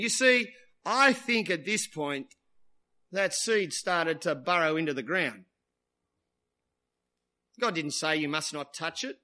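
A man delivering a sermon with a high, bright voice. He talks conversationally, tossing tag questions back to the congregation. His delivery moves from hushed, drawn-out emphasis to quick, animated stretches. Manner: shifts between quiet, slow emphasis and lively bursts. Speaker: preacher.

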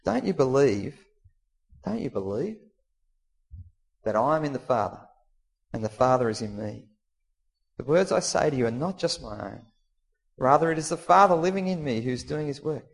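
A man's voice: mid-range voice, animated, normal speed, vocal fry, pauses often. A man with an Australian accent preaching a sermon, who acts out the lines of Jesus and the disciples with his voice rising and falling. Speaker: pastor.

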